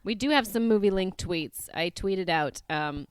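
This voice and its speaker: A woman's voice: fairly low pitch, moderate pace, hardly any pauses, clean tone, dry recording. A woman co-hosting a casual movie podcast, chatty and giggly as she reads listener picks. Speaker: podcast co-host.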